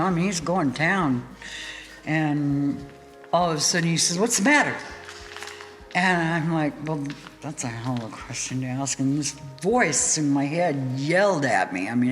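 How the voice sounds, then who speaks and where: A woman guest in an interview, telling a story in a lively way, laughing often and acting out what people said. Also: low voice, moderate pace. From United States. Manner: animated, laughing storyteller who acts out quotes. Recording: hall reverb with faint music.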